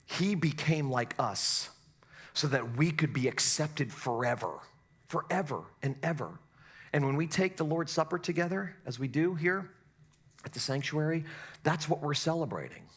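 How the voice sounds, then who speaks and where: A middle-aged male pastor preaching a sermon in a church, swinging from quiet asides to loud, impassioned exhortation. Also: on the high side, animated, normal speed, slightly rough.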